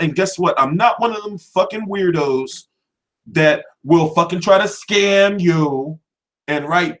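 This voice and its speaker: A brash male host rants about boxing coverage, swearing freely. His voice sits a little high and swings widely up and down as he talks. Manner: brash and animated, swears constantly. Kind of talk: profane rant to camera.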